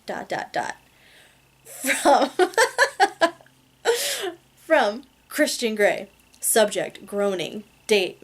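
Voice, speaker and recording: A woman reading a romance novel aloud in a casual amateur way, laughing at her own slips. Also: medium pitch. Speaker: reader.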